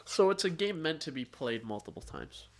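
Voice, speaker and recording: A man's voice: on the high side, sing-song, moderate pace. A man co-hosting a podcast in casual chat, joking and teasing, with frequent hesitant fillers. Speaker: podcast co-host. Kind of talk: casual chat about video games.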